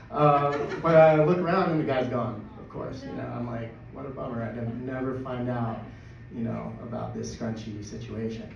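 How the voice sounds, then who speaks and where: A man telling a personal story at a live storytelling event, excitable and laughing through it. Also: mid-range voice, normal speed, creaky. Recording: echoey, distant, dull live recording with noise.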